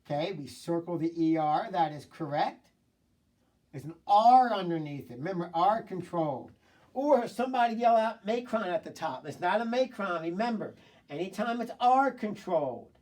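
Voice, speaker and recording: A fairly high-voiced man leads a recorded phonics lesson. He prompts young learners, praises their answers and sounds out words slowly. His voice sits a little back from the mic. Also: a little mellow, distant mic. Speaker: phonics teacher.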